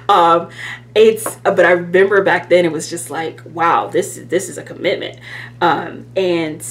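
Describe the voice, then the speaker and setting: A woman chatting casually to camera as a planner vlogger, rambling and self-deprecating, with lots of fillers. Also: lowish voice.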